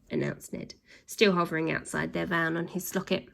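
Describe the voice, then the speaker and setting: A woman reading a children's story aloud, expressive, dropping low and soft for the narration. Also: moderate pace, creaky.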